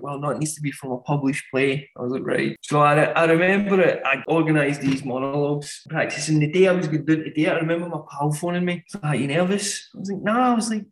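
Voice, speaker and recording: A man, a podcast guest telling animated anecdotes and laughing often. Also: fairly high pitch, low-quality recording. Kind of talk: casual storytelling.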